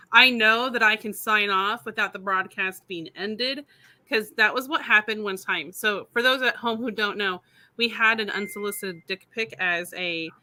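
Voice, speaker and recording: A woman's voice: medium pitch, pushed and bright. A woman co-hosting a casual livestream chat, telling stories and laughing often while she gets over being sick. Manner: chatty storyteller, laughs often. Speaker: co-host.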